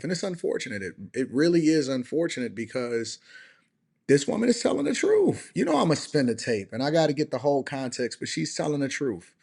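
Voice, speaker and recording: A man with hosting a reaction commentary show, emphatic and preacherly, swinging from loud to soft. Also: medium pitch, big pitch swings, fairly quick, creaky, slightly rough. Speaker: commentary channel host.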